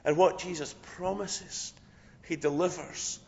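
A man preaching a sermon with a hoarse voice, measured and reflective, with a storyteller's flair. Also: high voice, steady tone, a little mellow, a little hiss or hum. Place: church. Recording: dull sound, long hall reverb.

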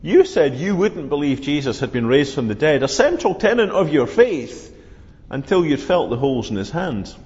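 A man voicing a dry, unflappable solicitor, speaking calmly and matter-of-factly. His tone still moves about lively, and the recording is muffled with a long hall echo. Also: a little high, moderate pace. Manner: calm, dry, matter-of-fact. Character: dry, patient, unmoved male solicitor. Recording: dull, reverberant hall sound.

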